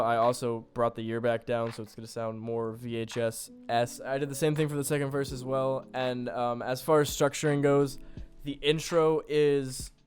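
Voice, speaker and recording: A man's voice: mid-range voice, a little mellow. A young man casually talking through how he built a beat, loose and full of fillers, poking fun at himself. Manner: loose, filler-heavy, self-deprecating. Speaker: beat producer. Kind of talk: casual tutorial narration.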